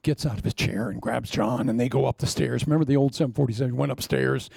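Older man, pastor, storytelling sermon, self-deprecating humor, gravelly edge, dry close sound. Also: medium pitch, steady tone, quick pace, a little mellow, no echo. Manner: jokey, self-mocking, acts out quotes.

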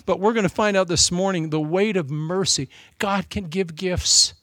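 Male preacher, sermon, fairly high pitch, dry sound, drawn-out phrasing, fervent then hushed. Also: dry recording. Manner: impassioned, swings from loud emphasis to hushed whispers.

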